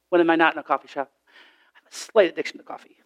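A man preaching a sermon, telling Bible stories in an animated way and acting out the voices in the quotes. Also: on the high side, fast talker.

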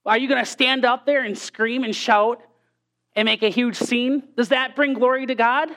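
A woman's voice: fairly high pitch, steady tone, moderate pace, fairly bright tone. A woman preaching a sermon in an earnest manner, often repeating rhetorical questions to her listeners.

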